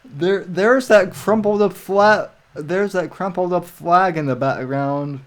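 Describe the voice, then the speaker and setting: A man's voice: high voice, takes it slowly. A man co-hosting a casual live stream over a video call, rambling with many restarts and fillers.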